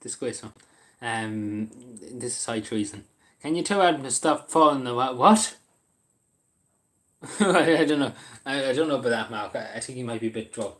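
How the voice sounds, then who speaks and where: A man's voice: mid-range voice, moderate pace. An Irish man chatting casually on a live stream, answering chat and eating as he talks, rambling with lots of ums and restarts. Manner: eats while talking. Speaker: livestreamer reading chat.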